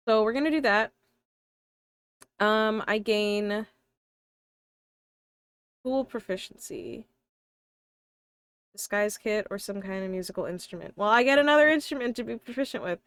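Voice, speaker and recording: A woman's voice: mid-range voice, animated, a little slow, pauses often, fairly bright tone, clean tone, no echo. A young woman with a slight lisp, chatting casually on a live stream, thinking aloud and talking to her viewers. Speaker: live streamer and tabletop player.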